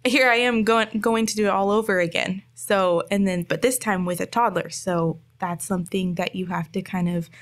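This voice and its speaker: A young woman on a podcast, reflective and quick in bursts, talking about raising small children. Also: medium pitch, fairly even intonation. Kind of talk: casual podcast chat.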